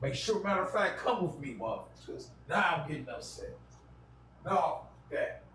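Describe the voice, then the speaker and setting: Livestream host, male, high-pitched, blunt and foul-mouthed, casual rant, faint background noise. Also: moderate pace. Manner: profane, blunt and animated.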